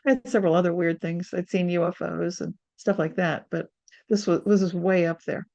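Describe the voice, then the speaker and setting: As a guest author being interviewed, a woman in her sixties animatedly recounts a personal story, acting out other people's quotes. She speaks fairly quickly in a fairly low voice with vocal fry, and the highs are cut off.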